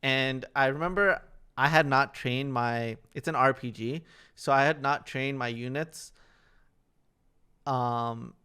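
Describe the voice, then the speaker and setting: Speaking slowly in a smooth, sharp, mid-range voice, this young man co-hosts a podcast and rambles through casual stories full of filler words.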